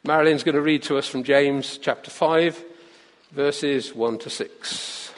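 A man preaching and reading a story aloud as part of a sermon, lively and expressive. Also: on the high side, unhurried. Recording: long reverb of a large church hall.

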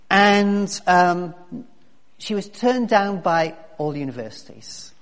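A man's voice: high voice, animated, slow pace. A man preaching a sermon as pastor, chatty and full of restarts. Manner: conversational, with many restarts and fillers. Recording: long reverb of a large hall.

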